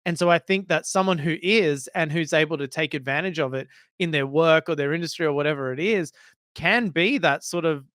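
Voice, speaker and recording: A man's voice: on the high side, fairly quick, a bit bright, no echo, clean studio sound. A man co-hosting a tech podcast, making thoughtful points at length. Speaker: podcast co-host. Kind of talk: casual tech podcast chat.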